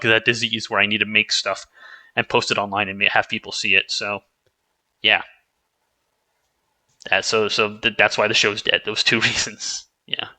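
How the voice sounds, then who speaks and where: A man chatting in a loose, rambling vlog, with a very bright, sharp tone. He often restarts his sentences and swears casually as he talks things through. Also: on the low side, low-quality recording. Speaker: YouTuber.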